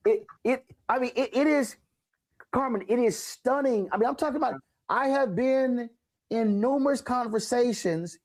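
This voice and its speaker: A man from the United States hosting a talk show interview, animated and acting out past conversations as he tells them. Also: extremely high pitch, normal speed. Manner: animated storyteller, acts out remembered exchanges.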